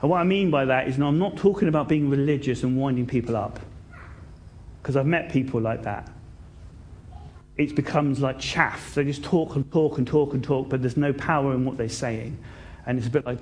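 A man preaching a sermon, telling a story in an animated way and swinging between loud bursts and hushed moments. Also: medium pitch, moderate pace, a little hiss or hum.

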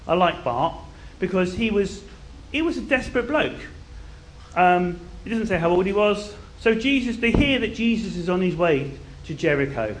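A man preaches with animated, conversational storytelling. His speaking voice sits a little high for a man, and he slips into hushed, intense tones to drive points home. A faint hiss sits under the recording. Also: normal speed. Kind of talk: sermon.

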